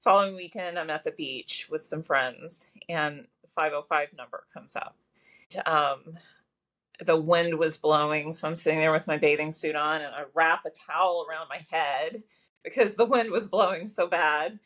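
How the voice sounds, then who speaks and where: Talkative woman, lower voice. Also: fairly even intonation, normal speed, fairly bright tone. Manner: talkative, lots of fillers and restarts. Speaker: guest, massage therapist. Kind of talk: personal storytelling in a podcast interview.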